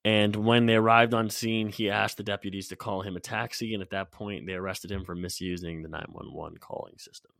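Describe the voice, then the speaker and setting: A man's voice: on the low side, steady tone, brisk, creaky, hardly any pauses, fairly bright tone, no echo. A man co-hosting a sports podcast, sounding nasal and congested, blunt and casual with some swearing. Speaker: podcast co-host.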